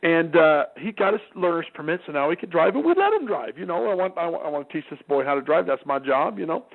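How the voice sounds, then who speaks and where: A man's voice: a little high, fast, vocal fry. A middle-aged man giving a parenting talk, telling stories from home and acting out the voices of the people in them. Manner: lively storyteller who acts out quoted voices. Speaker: parenting speaker. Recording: narrow phone-like sound.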